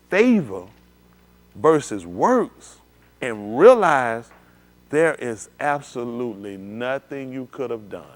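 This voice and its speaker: A man preaching a sermon, animated, swinging between low murmurs and loud exclamations. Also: slow pace. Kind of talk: sermon with live demonstration. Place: synagogue hall.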